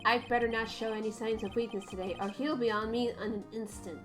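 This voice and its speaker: A woman's voice: fairly high pitch, steady tone, brisk, over music, natural voice. Woman doing an earnest young lawyer. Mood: musing.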